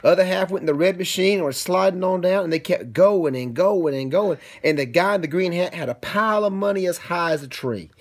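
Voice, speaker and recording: A man's voice: sits high, a little fast, few pauses. A man improvising a picture-book story for his young son, in a playful, chatty way. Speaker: father reading to his son.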